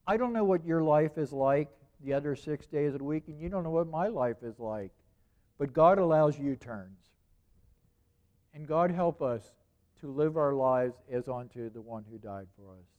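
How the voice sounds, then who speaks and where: A man's voice: a little high, expressive, normal speed, darkish tone, dull audio. A man preaching a sermon in a conversational way, repeating phrases and asking rhetorical questions.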